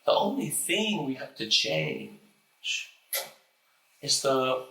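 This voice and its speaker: A man with a stutter reciting a spiritual lecture as the host, slow and deliberate, with pauses. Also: mid-range voice, sing-song, bright, forceful tone, echoey room, rough recording.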